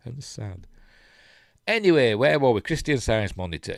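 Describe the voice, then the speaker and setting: Yorkshire bloke rambling on his live stream, low-ish voice, keeps going "isn't it?", dry close sound. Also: big pitch swings, moderate pace, no echo. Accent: Yorkshire English. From Yorkshire, England. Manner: chatty, rambling, chuckles, asks rhetorical tag questions. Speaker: host of a news live stream. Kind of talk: casual live stream commentary, reading articles aloud.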